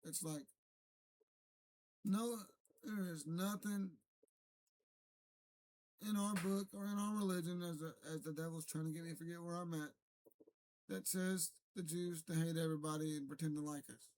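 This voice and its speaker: Solo streamer, male, fairly high voice, rambling and argumentative, restarts his sentences. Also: fairly even intonation, normal speed, long pauses, darkish tone. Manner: rambling, self-correcting, argumentative. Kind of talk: unscripted solo rant to camera.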